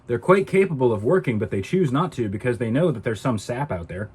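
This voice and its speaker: A man's voice: medium pitch, lively intonation, brisk, a little mellow, slightly rough. A man ranting to camera in a casual vlog, indignant and exasperated. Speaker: vlogger.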